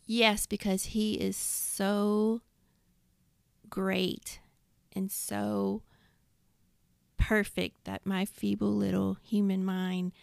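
A woman with a gravelly, fry-laden voice leads a relaxed Bible study, reading verses aloud and asking the group questions. The sound is dry and close. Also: mid-range voice, drawn-out words, pauses often, dry recording. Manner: reads scripture aloud and asks questions. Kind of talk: casual Bible study discussion.

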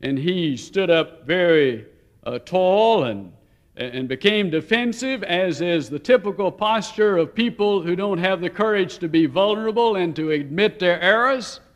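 High-voiced male preacher, story-telling. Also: expressive. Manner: story-telling, shifts between slow emphasis and quick asides. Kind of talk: sermon.

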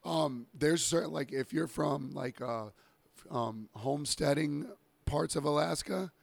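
A man co-hosting a podcast in casual chat, his voice hoarse and worn, rambling with many fillers and restarts. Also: fairly high pitch, measured pace, no room sound. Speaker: podcast co-host.

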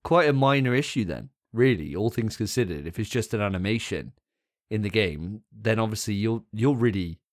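A man's voice: fairly low pitch, lively intonation, moderate pace, no room sound. Teasing man, dry close sound. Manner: teasing, sarcastic banter. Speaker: podcast co-host. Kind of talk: casual gaming chat.

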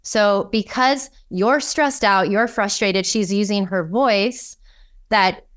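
A woman guest on a podcast, telling a story in a lively, enthusiastic way and acting out the voices in it. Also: medium pitch, slow pace. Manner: enthusiastic, acts out quoted dialogue. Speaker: podcast guest, kink coach. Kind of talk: conversational storytelling.

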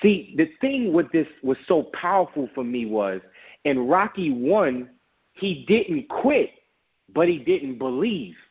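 A man with a husky, slightly raised voice tells a motivational story in an interview. His pitch swings widely as he makes his point. The sound is dull and lo-fi. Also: sing-song, slow. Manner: storytelling, emphatic and preachy. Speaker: guest, business owner.

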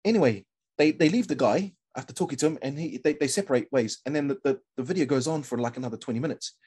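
Husky-voiced New Zealand man telling a story. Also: mid-range voice, fast. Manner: animated storyteller, many fillers and restarts, says bro. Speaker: podcast guest. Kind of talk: casual storytelling chat.

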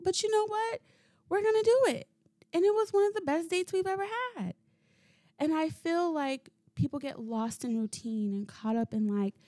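A woman hosting a solo podcast, telling stories in a casual, animated way, swearing freely and laughing as she goes. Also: high voice, no room sound, studio quality. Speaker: podcast host. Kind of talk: casual solo storytelling monologue.

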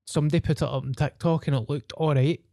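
A man's voice: on the high side, steady tone, quick pace, vocal fry, warm tone, no room sound, clean studio sound. A young Glaswegian man in casual, sweary podcast banter. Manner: sweary, laid-back banter. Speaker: podcast co-host. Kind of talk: casual chat.

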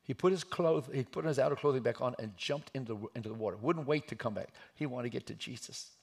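Man, preacher, sermon storytelling, husky, gravelly, dramatic shifts in volume. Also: medium pitch, fast. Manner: dramatic, swings from hushed to shouting while acting out the story.

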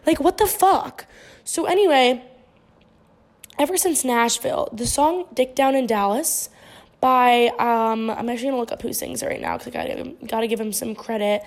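A woman's voice: fairly high pitch, moderate pace, gravelly. Chatty young woman, profane and rambling. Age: 20s. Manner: profane, rambling, heavy use of "like". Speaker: podcast host. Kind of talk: casual storytelling chat.

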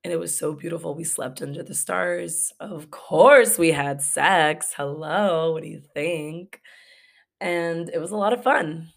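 Brief: young woman podcast host, deep fry-heavy voice, blunt and profane story-time delivery. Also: a little slow. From Los Angeles, USA. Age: young adult. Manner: profane, candid, laughing storyteller. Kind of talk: casual story-time monologue.

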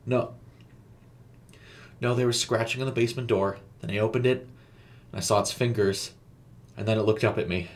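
A man's voice: fairly low pitch, fairly even intonation, moderate pace, long pauses, natural voice. A man voicing a frightened young woman babysitter who stammers in panic. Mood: panicked.

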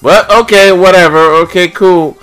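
A man's voice: high-pitched, normal speed, a bit bright, soft background music. A man ranting angrily on a casual podcast, swearing often as he complains. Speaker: podcast co-host.

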